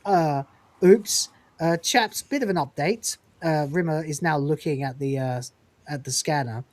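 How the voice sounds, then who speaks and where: Woman podcast host, low-voiced, profane and animated, with a dry, close sound. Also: moderate pace, no echo. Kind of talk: casual review chat.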